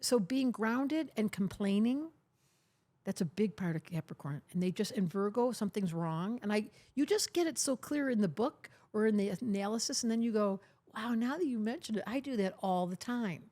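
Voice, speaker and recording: Older woman guest on a podcast, emphatic and playful, animated intonation. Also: mid-range voice, normal speed. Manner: emphatic, teasing, acts out quoted voices. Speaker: astrologer, guest. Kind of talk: podcast interview conversation.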